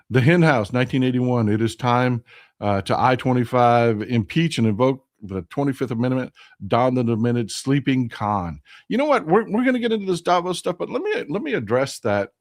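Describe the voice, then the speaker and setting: A man's voice: mid-range voice, sing-song, normal speed. A man hosts a casual political livestream. His voice swings up and down a great deal as he rambles in an impassioned, folksy way. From Texas. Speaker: live stream host.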